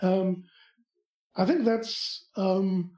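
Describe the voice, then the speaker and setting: A man with a German accent, a podcast guest in casual chat, talking in a halting way as he searches for words. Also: sits high, fairly even intonation, a little mellow. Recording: echoey room.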